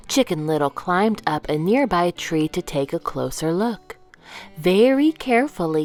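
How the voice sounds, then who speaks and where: Woman storyteller for kids: slow, expressive read-aloud. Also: on the low side. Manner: gentle, expressive reading with slow pacing. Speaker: children's storyteller.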